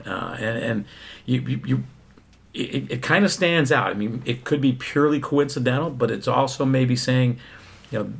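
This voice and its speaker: A man's voice: fairly low pitch, vocal fry, slightly rough. A man co-hosting a casual political chat, talking hesitantly with many fillers and restarts.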